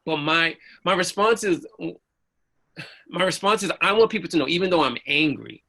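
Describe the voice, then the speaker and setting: Man, preacher and officer, earnest storyteller; gravelly texture, tense and bright. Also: fairly high pitch, moderate pace. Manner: earnest, animated, acts out the voices of others. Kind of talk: personal storytelling in a panel discussion.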